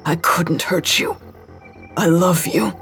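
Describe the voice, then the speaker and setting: A tormented, unstable man played by a woman narrating an audiobook, his voice pitched low and edged with breath. He stutters and pants, whispering close and then erupting. Faint music sits under the storybook reading. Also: takes it slowly. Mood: pleading, tender. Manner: breathless and stuttering, swinging to shouts. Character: unstable, tormented male attacker with a knife.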